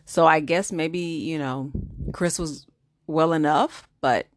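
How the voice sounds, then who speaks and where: A woman's voice: low-pitched, slow, no room sound, studio quality. A middle-aged woman, chatting casually to viewers in a movie review vlog, with lots of fillers.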